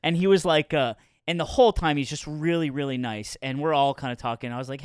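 A man co-hosting a podcast, chatting casually and joking, who often mimics others in high, exaggerated voices. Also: steady tone, fast talker, hardly any pauses, smooth, no room sound, clean studio sound. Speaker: podcast co-host.

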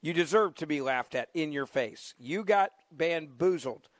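Male talk radio host: emphatic, mocking, repetitive delivery; slightly high voice, dry studio sound. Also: animated, unhurried, no echo.

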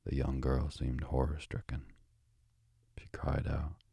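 Sleep-story narrator, male, soft and drowsy, deep monotone, dry close sound. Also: slow, gravelly, husky, no echo. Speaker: bedtime story reader.

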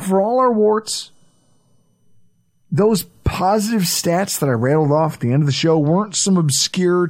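Lively, animated man hosting a podcast. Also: on the high side. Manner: animated, swearing, breaks into impressions. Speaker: podcast host. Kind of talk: casual sports podcast talk.

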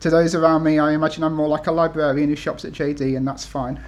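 A man's voice: fairly high pitch, level tone, fast talker. A man in his thirties from the UK, an author talking to an event audience with many ums and restarts, then reading his essays aloud. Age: 30s.

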